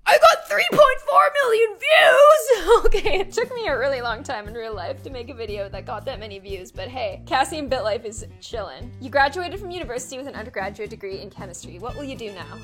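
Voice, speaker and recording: Young woman, highish voice, chatty + dramatic, playing a game w music behind. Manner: chatty, dramatic, bursts into shrieks and laughs. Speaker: YouTuber playing a life-sim game. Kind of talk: gameplay commentary.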